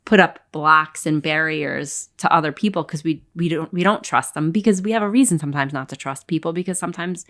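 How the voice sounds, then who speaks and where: A woman with a low voice talks casually on a faith podcast. She is animated and acts out quoted dialogue as she retells scenes. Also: a little fast, hardly any pauses. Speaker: podcast co-host.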